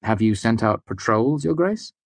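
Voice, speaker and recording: A man's voice: mid-range voice, expressive, normal speed, slightly rough, dry recording, pitched above the performer's own voice. A man reading an audiobook, voicing a young male courtier who speaks formally and deferentially. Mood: polite, deferential.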